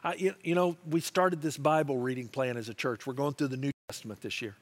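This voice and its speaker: A man's voice: medium pitch, a little fast. A middle-aged male pastor preaching a sermon, telling stories and acting out the voices of people he quotes. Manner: animated storytelling, acts out quoted voices.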